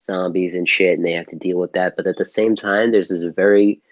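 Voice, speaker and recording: Deep-voiced man rambling through a film recap. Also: fairly even intonation, fairly quick, no room sound, lo-fi sound. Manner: rambling, loose, swears casually. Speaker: podcast co-host. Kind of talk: casual film-review chat.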